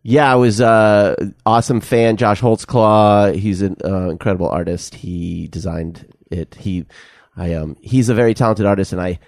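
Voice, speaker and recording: A man's voice: on the low side, steady tone, moderate pace, few pauses, darkish tone, dry recording, studio quality. A man co-hosting a podcast in casual chat, laid-back and hesitant with many fillers. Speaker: podcast co-host.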